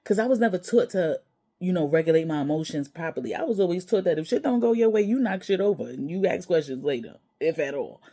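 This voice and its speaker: A woman with a low, mellow voice tells a personal story straight to camera. She talks as a mother, blunt and emotional, and swears casually. The delivery is candid and unpolished. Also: animated, quick pace. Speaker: mother and vlogger.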